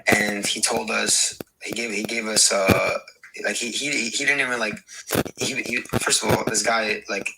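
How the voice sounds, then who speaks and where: Man, low voice, halting speech, repeats words, steady background hiss. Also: creaky. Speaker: podcast guest. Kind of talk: casual debate and personal story.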